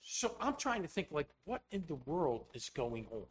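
A man preaching a sermon, telling rambling personal stories full of quoted dialogue in an animated way. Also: a little high, moderate pace, low-quality recording. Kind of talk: sermon storytelling.

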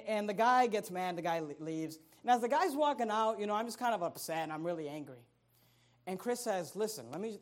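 A middle-aged man preaching a sermon as pastor, telling a story in a casual conversational way and rising to loud, emphatic peaks. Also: high voice.

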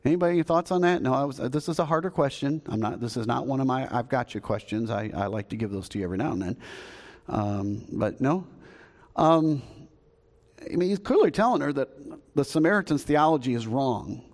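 This male pastor, Southern US accent and mid-range voice, preaches briskly and with animation in a church sanctuary. His sermon feels folksy and conversational, full of questions for the congregation, and long hall reverb colors the sound.

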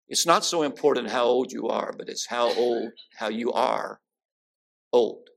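A man's voice: mid-range voice, unhurried, vocal fry, a bit bright. A man preaching a sermon, mixing folksy jokes with scripture readings in a prayerful, homespun manner. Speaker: guest preacher.

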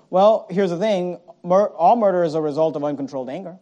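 A male pastor preaching a sermon, swinging from loud, punchy lines to quiet asides and mimicking his listeners' excuses. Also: high-pitched, fairly quick, lo-fi sound.

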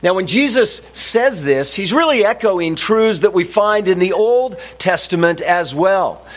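A man preaching a sermon as a pastor, deliberate and emphatic, repeating his key phrases. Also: sits high, animated.

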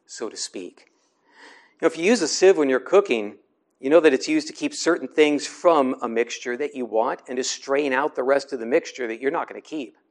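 A man preaching a sermon in a measured, explanatory way, slowing down to stress scripture. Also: medium pitch. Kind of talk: sermon teaching.

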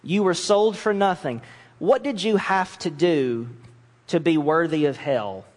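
A man delivers an animated sermon in a slightly higher voice, shifting into the voices he quotes as he preaches. The sound carries a long hall reverb. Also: measured pace. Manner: animated, acts out voices of mocking nations and God.

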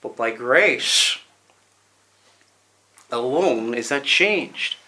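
A man preaching a sermon, emphatic, repeating words and slowing down to stress them. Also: mid-range voice, expressive, pushed and bright.

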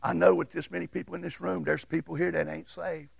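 A man preaching a folksy, storytelling sermon as pastor in a church, swinging between loud and hushed. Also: fairly high pitch, flat delivery, fast, gravelly, slightly rough, no room sound. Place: church sanctuary.

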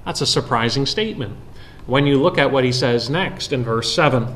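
A man preaching an expository sermon, explaining a Bible passage verse by verse with frequent pauses. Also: medium pitch, fairly bright tone, slight background noise.

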